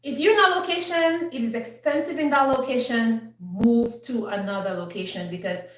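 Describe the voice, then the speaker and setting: A woman's voice: a little high, moderate pace, recorded from a distance. Preachy woman in an echoey room. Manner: earnest, preachy, animated. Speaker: homestead channel host giving Bible-based parenting advice. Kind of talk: casual talk.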